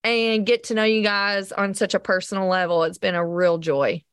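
A woman's voice: mid-range voice, steady tone, clear, resonant tone, no room sound, studio quality. A woman hosting a podcast interview who reacts with enthusiasm and laughs easily at her guest's stories. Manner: warm, enthusiastic and quick to laugh. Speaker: podcast host. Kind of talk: casual interview chat.

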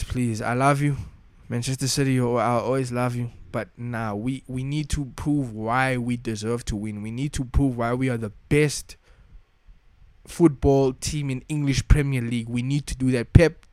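A man's voice: mid-range voice, darkish tone, dry recording. Frustrated young man ranting, dry sound. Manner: frustrated, slangy, repeats himself. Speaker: football fan vlogger. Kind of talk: casual rant.

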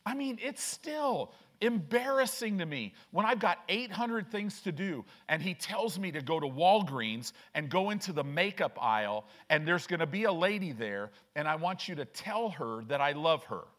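A man's voice: a little high, lively intonation, normal speed, hardly any pauses, fairly bright tone. A man preaching a conversational sermon as pastor, often asking "right?", acting out quoted voices and reading scripture aloud. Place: church sanctuary.

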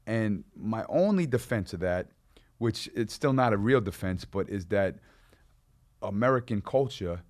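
A man's voice: fairly low pitch, animated, unhurried, a little mellow. A man with a New York accent arguing in a heated casual debate, often stammering and restarting. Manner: argumentative, interrupts, stammers and restarts. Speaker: rapper guest.

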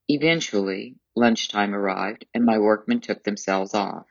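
Male narrator, formal and measured memoir reading, dry, dull recording. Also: lowish voice, creaky, dry recording.

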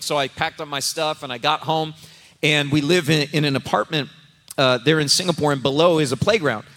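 A man's voice: a little high, fast talker, a bit bright. A middle-aged male pastor preaching a sermon, telling a personal story in a humorous, conversational way. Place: church sanctuary. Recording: echoey church sanctuary.

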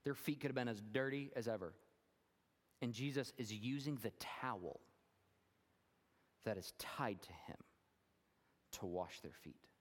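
A male pastor preaching in a church, with an earnest, conversational manner that swells into fervent emphasis. His voice sits at an ordinary middle pitch. A long reverb hangs on every line. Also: a little slow, long pauses. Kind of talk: sermon.

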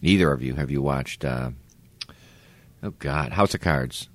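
A man's voice: rumbling low, measured pace, fairly bright tone, dry recording. A man guesting on a podcast, joking and swearing in a laid-back, casual way. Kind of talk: casual chat.

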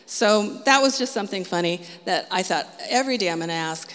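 Animated woman telling a faith story. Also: medium pitch, a little fast, big-room sound. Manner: animated, laughs often, quotes Jesus and others in her telling. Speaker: testimony speaker. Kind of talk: personal testimony, casual storytelling.

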